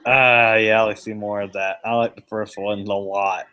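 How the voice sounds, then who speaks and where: A man on a casual gaming podcast, excitable and quick to protest loudly. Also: lowish voice, lo-fi sound. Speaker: podcast co-host. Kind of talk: casual group chat.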